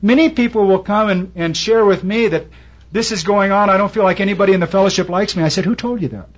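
Man, pastor, preaching, storytelling, somewhat high voice, husky, muffled old recording. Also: steady tone, fast talker. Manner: storytelling preacher, quotes people in raised voices. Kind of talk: sermon. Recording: dull lo-fi recording.

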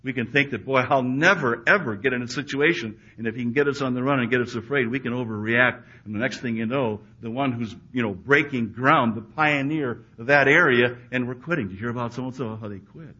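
Husky, bright-toned male preacher. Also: mid-range voice, a little fast, hardly any pauses. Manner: swings between loud emphatic peaks and hushed quiet asides. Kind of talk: sermon. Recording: dull lo-fi recording.

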